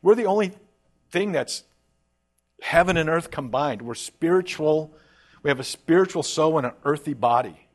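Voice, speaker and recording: A man preaching a sermon in a casual, animated way, dropping slangy asides and acting out the voices of imagined speakers. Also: fairly high pitch, moderate pace.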